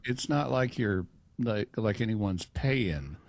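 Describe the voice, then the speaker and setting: A man answering questions as a radio show's regular expert, measured and precise with a dry wit. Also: fairly low pitch, lively intonation, gravelly, no room sound. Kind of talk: explanatory talk-show answers.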